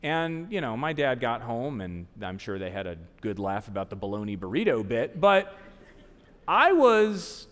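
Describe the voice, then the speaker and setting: Man, 40s, from the American South, live stage storytelling, self-mocking, very lively pitch, long theater reverb. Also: unhurried. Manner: animated, self-mocking, acts out quoted people. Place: large theater stage before an audience.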